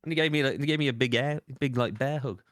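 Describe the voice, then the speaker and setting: A man's voice: medium pitch, quick pace, fairly bright tone, a little hiss or hum. A young man chatting on a live game stream, telling stories in a rambling way with many restarts. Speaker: streamer guest. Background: music.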